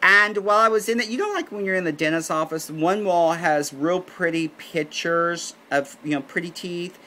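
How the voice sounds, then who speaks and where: A man spins a comic story in a campy, gossipy manner. His voice is bright and forward. He drifts into exasperated asides, and a faint hiss of noise sits under the recording. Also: sits high, normal speed.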